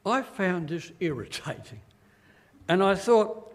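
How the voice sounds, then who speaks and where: An older man with an Australian accent preaching a sermon as pastor, slow and earnest, acting out quoted voices as he tells stories. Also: on the high side, long reverb tail.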